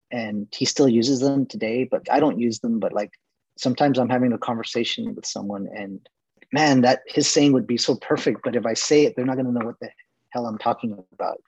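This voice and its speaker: A man's voice: medium pitch, a little mellow, husky, no room sound, muffled recording. A man in his forties from Texas, a guest casually telling long rambling stories with lots of fillers. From Laredo, Texas. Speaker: interview guest. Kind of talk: casual storytelling interview.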